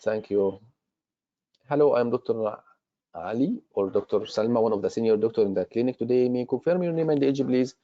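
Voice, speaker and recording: A man's voice: medium pitch, fairly quick, no echo. A man tutoring for a medical exam, explaining role-play tasks with many fillers and restarts. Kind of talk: online exam-prep lesson. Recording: dull lo-fi recording.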